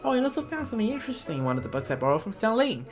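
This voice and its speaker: A woman voicing a cheerful, earnest young girl traveler in a game, speaking brightly. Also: fairly high pitch, sing-song, rapid-fire, soft background music. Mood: chatty. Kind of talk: game character voice line.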